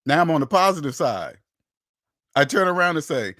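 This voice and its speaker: A man's voice: fairly high pitch, sing-song, moderate pace, a bit bright, no room sound, studio quality. A man hosting a personal finance channel, delivering an emphatic, preachy monologue that repeats phrases and acts out imagined back-and-forth dialogues. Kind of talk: opinionated monologue to camera.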